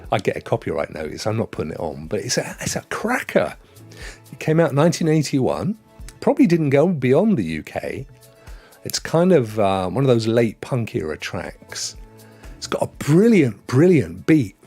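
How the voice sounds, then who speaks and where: A man hosts a live gaming stream, talking loosely with his viewers and cracking jokes as he goes. His voice sits in a middle pitch and swings up and down a great deal. Faint music plays underneath. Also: wildly swooping pitch, moderate pace, mellow, slightly rough. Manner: joking, rambling, chatty with viewers. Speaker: gaming show host.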